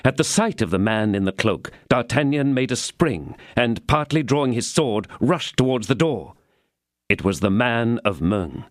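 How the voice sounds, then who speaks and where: A man narrating a classic novel as an audiobook, reading the prose in a measured, expressive way. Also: mid-range voice, no room sound, studio quality. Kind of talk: scripted narration.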